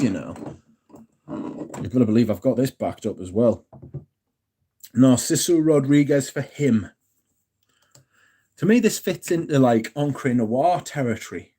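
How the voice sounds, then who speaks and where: A man's voice: lowish voice, normal speed, pauses often, dark tone, slightly rough. A man in his thirties hosting a livestream, rambling and swearing as he chats with viewers. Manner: rambling and profane, answers chat questions. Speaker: livestream host. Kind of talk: casual chat with viewers.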